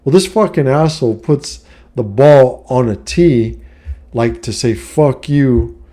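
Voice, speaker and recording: Blunt, profane middle-aged man with a mellow voice. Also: medium pitch, lively intonation, a little slow. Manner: blunt and profane, heavy "you know what I mean" filler. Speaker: vlogger giving life advice. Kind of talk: casual monologue to camera.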